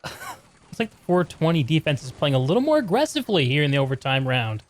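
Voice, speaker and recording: A man's voice: fairly high pitch, big pitch swings, a little fast. A man hosting a live stream and commentating a competitive video game match, chatty and upbeat, calling the viewers "y'all".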